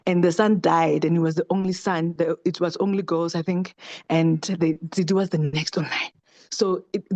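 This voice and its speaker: A woman's voice: lowish voice, a little mellow. Passionate middle-aged woman at a book club. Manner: passionate, many restarts and rhetorical questions. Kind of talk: casual discussion.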